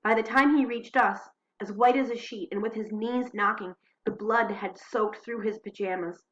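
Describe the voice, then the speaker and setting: A woman reading diary entries aloud at home into a computer mic, expressive, slowing and hushing for dramatic moments. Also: a little high, muffled recording. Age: adult. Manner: expressive, slows and hushes for drama. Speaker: diary reader.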